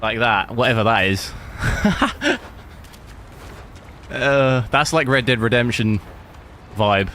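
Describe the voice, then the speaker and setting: A man's voice: mid-range voice, moderate pace, bright, forceful tone, slight background noise. A young man chatting casually with his live-stream viewers while testing a game, rambling and answering chat. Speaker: gaming streamer.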